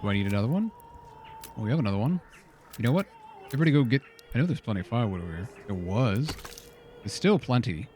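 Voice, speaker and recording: A man's voice: medium pitch, sing-song, quick pace, pauses often, a little mellow. A man streaming a game, chatting casually and muttering exasperated questions to himself as he plays. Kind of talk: casual gameplay commentary.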